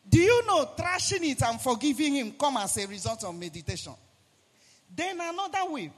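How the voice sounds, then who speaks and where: A man with a Nigerian accent preaching a sermon, animated and sing-song, rising now and then to a shout. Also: very high-pitched, a little slow. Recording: long hall reverb.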